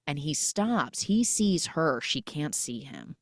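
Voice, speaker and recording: A woman hosting a podcast, retelling a film's plot in a lively, animated way. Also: low voice, takes it slowly, no echo, clean studio sound. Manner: animated storytelling, acts out quoted lines. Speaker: podcast host. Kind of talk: casual movie recap.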